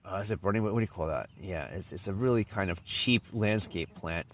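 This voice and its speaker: A man's voice: low voice, a little fast. A man telling a personal anecdote in a casual, rambling way, often restarting and trailing off. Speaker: vlogger.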